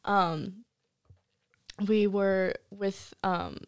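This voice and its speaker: A woman's voice: medium pitch, steady tone, drawn-out words, clean tone, no echo, studio quality. A woman guest on a podcast, telling a rambling story full of "like" fillers in a casual chat. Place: host's home studio.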